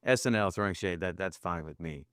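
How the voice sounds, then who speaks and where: A man co-hosting a podcast talks through a TV episode in a wry, chatty way, often restarting his words. His voice sits fairly low and sounds smooth and clear. The recording is dry and close. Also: brisk, a bit bright, no echo. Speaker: podcast co-host. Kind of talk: casual TV episode discussion.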